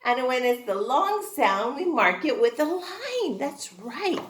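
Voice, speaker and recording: A woman's voice: sits high, very animated, takes it slowly. A woman teaching a kindergarten class in an exaggerated sing-song, call-and-response way. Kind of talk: teaching young children. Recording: roomy echoing room.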